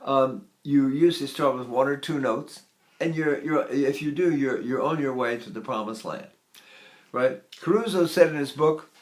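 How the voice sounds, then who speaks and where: An older man in his eighties teaches voice in a mid-range voice, unhurried and explanatory. He breaks off now and then to sing a note or breathe to show a point. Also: mid-range voice. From United States. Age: 80s. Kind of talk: spoken vocal lesson with sung demonstrations.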